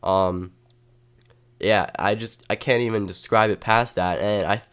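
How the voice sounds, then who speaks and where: A man spins an improvised comedy story, rambling and profane, with plenty of ums and uhs. His voice sits a bit low and comes through smooth and clear. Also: steady tone, measured pace, fairly bright tone. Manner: rambling, profane, full of fillers. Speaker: comedy vlogger.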